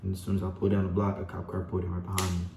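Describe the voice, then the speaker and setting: A young man speaks in a low, dark voice, rambling through a personal story and talking straight to his viewers. His delivery stays fairly flat, and the room around him is echoey with a faint hum. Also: very fast. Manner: rambling, full of "like" and "you know", addresses viewers as y'all. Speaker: vlogger.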